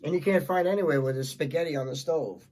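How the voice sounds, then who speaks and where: A man co-hosting a comedy podcast, tossing in dry, quick quips. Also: a little high, darkish tone. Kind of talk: casual comedic podcast banter.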